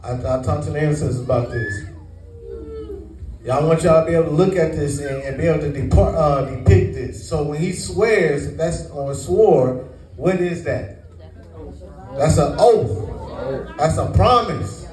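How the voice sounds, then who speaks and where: A man's voice: fairly high pitch, a little slow, long pauses, a little mellow. A man teaching scripture to a congregation, quizzing them to fill in the words. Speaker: Bible teacher. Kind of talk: call-and-response sermon teaching. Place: congregation meeting room. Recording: echoey room, mic far off.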